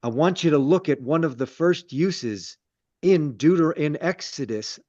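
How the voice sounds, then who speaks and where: A man's voice: on the high side, lively intonation, a little slow, darkish tone, no room sound. A man, a rabbi leading a Torah study, teaching conversationally with repeated words and self-deprecating asides. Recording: dull lo-fi sound.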